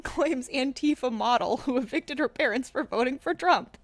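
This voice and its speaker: A woman's voice: sits high, normal speed. A young woman from Texas chatting casually on a livestream, sarcastic and profane, often breaking into laughter. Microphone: desk microphone.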